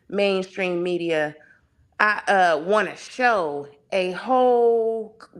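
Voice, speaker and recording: A woman in a casual panel discussion, her voice sitting on the lower side and moving at an unhurried pace. She argues with passion and fires off rhetorical questions one after another. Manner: impassioned, heavy on rhetorical questions.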